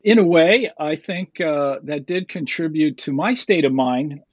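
A man's voice: fairly high pitch, measured pace, no echo, muffled recording. A man, a scientist guest, answering enthusiastically with many fillers, over a remote line. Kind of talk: interview answers.

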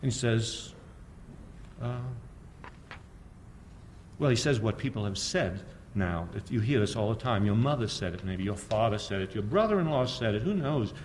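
A man's voice: lowish voice, lively intonation, normal speed, darkish tone, slight background noise. Sardonic older man lecturing. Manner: sardonic, storytelling, asks the audience rhetorical questions. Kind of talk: public lecture.

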